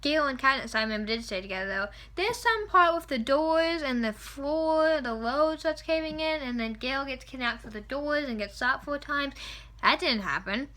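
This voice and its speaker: A young woman rambling excitedly and with strong opinions in a casual vlog, close to a camera mic indoors. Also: sits high, normal speed. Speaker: vlogger reviewing a film. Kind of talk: casual chat. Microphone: camera mic at close range.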